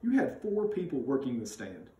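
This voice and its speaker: A man's voice: mid-range voice, wildly swooping pitch, normal speed, dark tone. A man reading a storybook aloud and voicing a bossy, competitive girl of about ten who argues indignantly. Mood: lecturing. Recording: roomy sound, mic at a distance.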